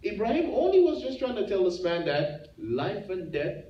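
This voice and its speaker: A man preaches a Friday sermon in a slightly high voice, firing off rhetorical questions and mimicking boastful tyrants. The sound is muffled and roomy, picked up from a distance in a prayer hall. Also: big pitch swings, moderate pace, slight background noise. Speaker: imam.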